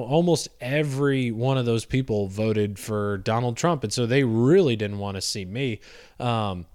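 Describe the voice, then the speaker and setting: A man's voice: mid-range voice, clean tone, no room sound, studio quality. A young man telling a casual personal story in a rambling way, with plenty of fillers and the odd swear word. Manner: rambling, many fillers, swears, laughs at himself.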